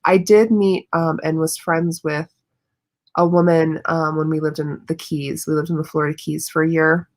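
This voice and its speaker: A woman's voice: deep voice, level tone, moderate pace. A woman guest in a casual chat, talking earnestly and thoughtfully, with plenty of ums. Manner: earnest, thoughtful, with many fillers.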